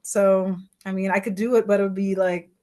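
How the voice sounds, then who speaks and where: A woman's voice: mid-range voice, level tone, brisk, a little mellow. A woman from the Bahamas in casual conversation, her Bahamian accent faint and mostly American-sounding, talking at length with frequent restarts. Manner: talkative, many restarts, breaks into bits of song and accents. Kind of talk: casual chat.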